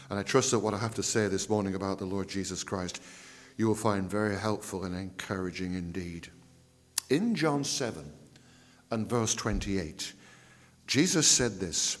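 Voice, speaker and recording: A man preaches in a lowish voice, stretching key phrases for emphasis and sinking to near-whispers. His words ring out with a long reverb, as in a church hall. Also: animated. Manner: emphatic, drawn-out phrasing with dramatic drops to a hush. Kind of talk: sermon.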